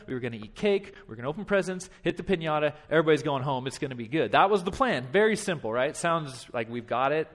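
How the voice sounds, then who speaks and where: Brief: thirties male pastor, high-pitched voice, lively church storyteller. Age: 30s. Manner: animated, self-deprecating, frequent restarts. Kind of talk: storytelling sermon.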